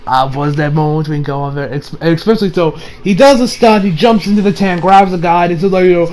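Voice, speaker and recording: Animated man with a high voice. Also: fast talker, few pauses. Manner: animated, acts out characters with big voice swings and frequent laughter; swears freely, many fillers. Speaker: anime reviewer. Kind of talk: casual spoken episode review.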